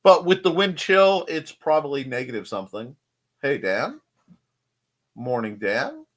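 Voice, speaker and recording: A man's voice: mid-range voice, sing-song, a little slow, a bit bright. A man hosting a casual live stream from his home desk, rambling and joking and greeting people in the chat. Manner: rambling, jokey, greets chatters.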